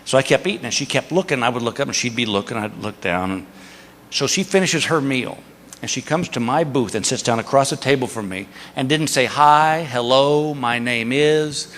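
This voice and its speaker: A man's voice: mid-range voice, lively intonation, brisk, fairly bright tone. A man in his fifties performs a stand-up routine on a large theater stage. He tells a story and acts out each person in it. His voice carries a long reverb from the hall, with faint crowd noise behind it. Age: 50s. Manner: storytelling, acting out quoted voices. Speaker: stand-up comedian. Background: audience laughter.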